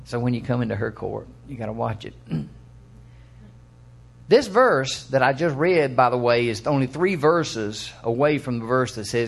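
An older man preaches at an ordinary pitch, easy and conversational. He reads verses aloud and puts questions to his listeners. Now and then he slips into brief quoted voices to make a point. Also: lively intonation, vocal fry. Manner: acts out quick quoted voices for illustration. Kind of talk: sermon.

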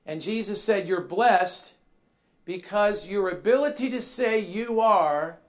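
A man delivers a sermon in a high voice, taking his time over each phrase. He presses his points by repeating them and asking questions. He drops to quiet asides and then rises to loud, shouted emphasis. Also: slow. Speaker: preacher.

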